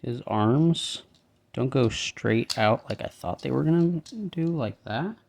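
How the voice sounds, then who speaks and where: A man's voice: medium pitch, slow pace, gravelly. A man with a light Southern accent, casually talking himself through assembling a toy model step by step. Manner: relaxed, talks himself through each step. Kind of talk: casual step-by-step building commentary.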